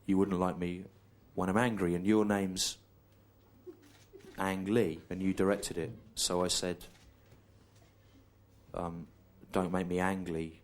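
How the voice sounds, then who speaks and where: A middle-aged English man doing a deadpan stand-up routine, telling a slow, repetitive story on a theatre stage. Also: low voice. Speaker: stand-up comedian. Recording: clear audience noise behind. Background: audience laughter.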